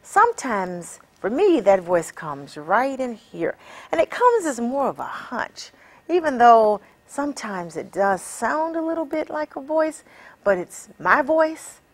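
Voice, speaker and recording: Woman, empowerment coach, encouraging and measured, animated pitch. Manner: measured and encouraging, with many rhetorical questions. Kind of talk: motivational teaching talk.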